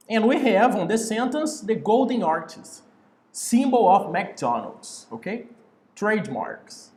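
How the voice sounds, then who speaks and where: A man's voice: high-pitched, darkish tone, roomy sound. A man teaching an online English class over a video call, patiently repeating key words.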